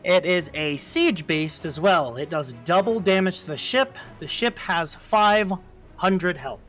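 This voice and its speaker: A man's voice: high voice, animated, measured pace, a bit bright, soft background music. A man narrating a tabletop role-playing game as game master, casual, with fillers and sound effects.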